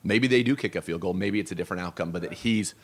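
A man's voice: deep voice, fast talker. A man hosting a sports radio show, asking long, enthusiastic questions.

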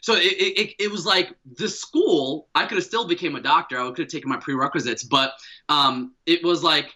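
A man's voice: on the high side, fairly quick, bright, forceful tone, rough recording. A man in his thirties, a podcast guest, telling a personal story with energy, slang and many repeated words.

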